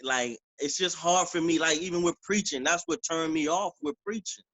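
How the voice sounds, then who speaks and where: A man, an author and preacher, talking casually in an interview, with relaxed slang and frequent "you know what I'm saying". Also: fairly high pitch, normal speed, no room sound, low-quality recording.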